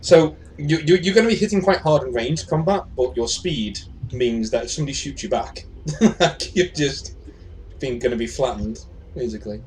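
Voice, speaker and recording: A man running a tabletop role-playing session as game master, relaxed and halting, often restarting his sentences. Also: mid-range voice, slight background noise. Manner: relaxed, halting, frequent restarts and clears throat.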